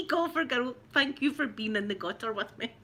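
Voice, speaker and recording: A woman's voice: sits high, very animated, unhurried, bright, forceful tone, slight background noise. A middle-aged Scottish woman hosting a livestream, chatting in a rambling way and greeting viewers by name. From Scotland. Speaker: ASMR livestream host. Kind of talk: casual livestream chat.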